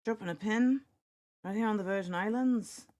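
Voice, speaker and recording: A woman hosting a casual livestream, chatting with viewers. She jumps between loud, excited exclamations and quiet muttering to herself. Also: medium pitch, normal speed, no echo. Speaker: host.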